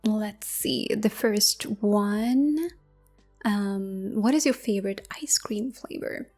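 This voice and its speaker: Young female ASMR creator, dark mellow tone, soft-spoken Q&A, drifts into whispers. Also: mid-range voice, faint music behind. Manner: slow, intimate, drifting into whispers with soft laughs.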